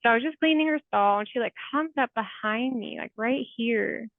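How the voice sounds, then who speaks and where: A woman in her forties, a therapist guest in a casual interview, talking in a chatty, heartfelt way with many fillers and soft laughs. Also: fairly high pitch, moderate pace, no room sound. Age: 40s. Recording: tinny phone-like call audio.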